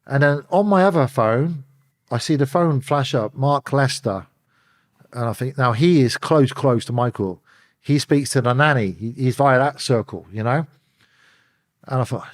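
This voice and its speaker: Speaking a little fast in a mid-range voice, a middle-aged ex-bodyguard shares candid stories in an interview. He's an animated storyteller who performs the phone calls as he relates them.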